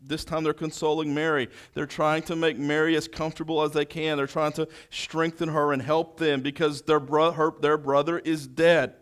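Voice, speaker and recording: A man preaching a sermon, reading scripture verse by verse and then expounding, moving between loud proclamation and hushed quiet. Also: a little high, little pitch movement, moderate pace, few pauses.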